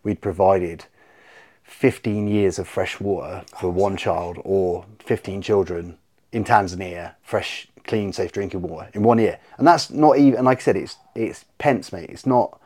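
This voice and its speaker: A man chatting on a podcast as a guest, telling stories in a rambling, animated way with lots of fillers. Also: low-pitched, a little slow. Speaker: podcast guest, soap brand owner. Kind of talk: casual podcast chat.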